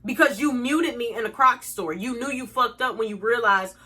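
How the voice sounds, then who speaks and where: A woman's voice: fairly high pitch, moderate pace, hardly any pauses, sharp tone, husky. A young woman telling a storytime to her viewers, blunt, profane and indignant as she rants. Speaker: vlogger. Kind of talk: storytime rant.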